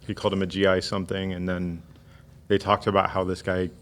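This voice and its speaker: A man's voice: low voice, completely flat delivery, brisk, fairly bright tone. A man co-hosting a podcast, chatting in an easygoing, joking way. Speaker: podcast co-host. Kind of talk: casual chat.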